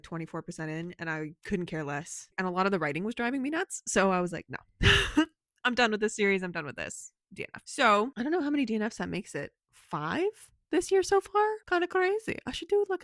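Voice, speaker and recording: A woman's voice: medium pitch, a bit bright, no room sound. Casual woman vlogger, easygoing and giggly, mid-range voice, dry room. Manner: chatty, laughs often, frequent "like". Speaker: book vlogger. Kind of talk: casual vlog chat. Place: home, on the couch.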